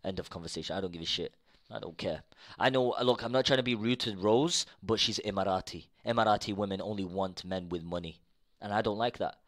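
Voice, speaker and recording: This young streamer talks fairly quickly as he rants to his chat, swearing freely and circling back over the same lines. He lurches between muttering under his breath and shouting.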